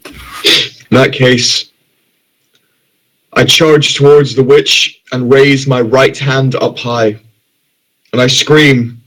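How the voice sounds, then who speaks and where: A man's voice: mid-range voice, little pitch movement, very slow, long pauses, fairly bright tone, rough recording. A man playing a tabletop game who describes his character's actions in a solemn, dramatic way. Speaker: player. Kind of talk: tabletop play with in-character narration.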